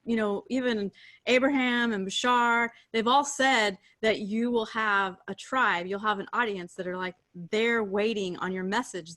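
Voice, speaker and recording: A woman co-hosting a spiritual group call, speaking in a soft, affirming way with many fillers. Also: on the high side. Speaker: co-host.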